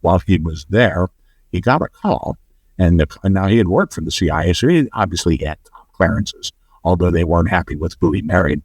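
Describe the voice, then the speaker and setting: Podcast guest, male, low-pitched, rambling storyteller, dry close sound. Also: brisk, no echo. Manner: rambling, animated when quoting others. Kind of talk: conversational storytelling.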